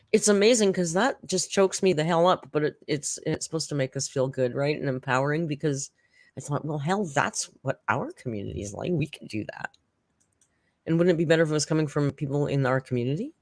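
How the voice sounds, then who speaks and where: A woman's voice: lowish voice, no room sound, clean studio sound. A middle-aged woman chatting casually and emotionally on a live stream, rambling and laughing often. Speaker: streamer host.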